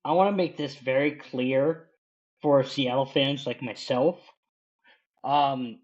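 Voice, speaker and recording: A man's voice: mid-range voice, steady tone, slow, breathy edge, lo-fi sound. A man co-hosting a casual sports podcast, ranting passionately and swearing heavily as he talks about his team. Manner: passionate, profane, emphatic ranting. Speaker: podcast co-host.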